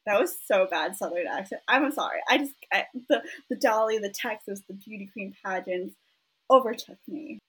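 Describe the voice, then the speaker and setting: Woman, husky voice, podcast co-host, casual chat, self-deprecating. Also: mid-range voice, moderate pace, fairly bright tone, poor audio. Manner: self-deprecating, apologetic, giggly.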